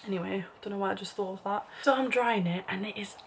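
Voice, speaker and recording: A young woman vlogger with a medium-pitched voice talks fast while telling a dramatic story, with slight background noise. She's chatty, says "like" a lot, and sometimes drops into a whispered aside.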